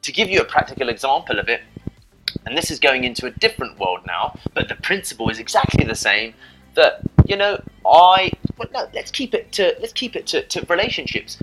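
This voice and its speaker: A man's voice: on the high side, noisy background. A man giving dating advice in a casual, rambling monologue to camera, often adding "you know" and "right?". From Britain.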